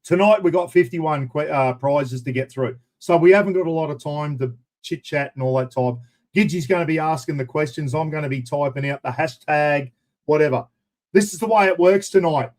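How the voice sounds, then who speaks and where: Brief: Australian man, charity stream host, chatty and matey, voice sits a little high. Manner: matey, rambling shout-outs to viewers. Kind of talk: casual live-stream chat.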